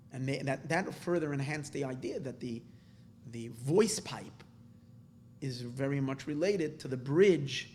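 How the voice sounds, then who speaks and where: A man, a rabbi, teaching a Torah class to a live audience in an animated, excitable way, often repeating words and restarting, with Hebrew terms woven into his talk. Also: medium pitch, slight background noise.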